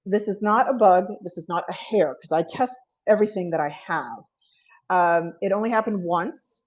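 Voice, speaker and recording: A woman's voice: fairly low pitch, normal speed, dull audio. A woman presenting her paranormal investigations at an online panel, chatty and apologetic, laughing often. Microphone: video call.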